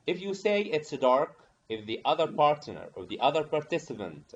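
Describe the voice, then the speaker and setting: A man teaching pronunciation over a video call, slowly repeating prompts and coaxing participants to answer. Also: on the high side, sing-song, slightly rough. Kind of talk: online teacher training session. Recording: dull lo-fi audio with faint hiss.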